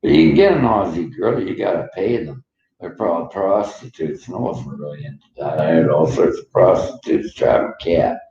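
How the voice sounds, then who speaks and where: Man from Canada, middle-aged, rambling monologue, dark mellow tone, roomy dull lo-fi home recording. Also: low voice, lively intonation, moderate pace, gravelly, slight background noise. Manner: rambling, jumps between stories, laughs often. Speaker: vlogger.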